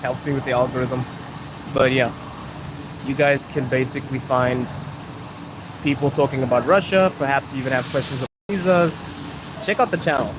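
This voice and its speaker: Young Zimbabwean man, casual live-stream host, mid pitch, loud street noise behind. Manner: chatty, laughs often, talks to viewers in chat. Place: outdoors on a city street by trains.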